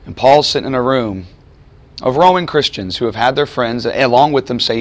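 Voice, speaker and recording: A man's voice: medium pitch, normal speed. A man preaching a sermon to a room of students, conversational and emphatic. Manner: conversational, emphatic, voices quoted figures. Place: chapel or lecture room with audience.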